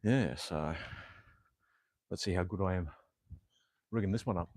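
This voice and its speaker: A man's voice: low-pitched, a little slow, a little mellow. An Australian man chatting casually on a home workout livestream, rambling with lots of fillers and mild swearing. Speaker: fitness livestreamer. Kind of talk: casual live-stream chat while exercising. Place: at home, indoors. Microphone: clip-on mic that falls off at times.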